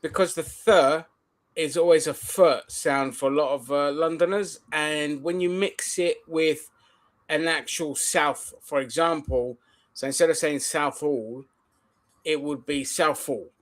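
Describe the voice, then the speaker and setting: A man hosting a casual podcast chat, talking animatedly and swearing, explaining things at length. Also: on the high side. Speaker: podcast host.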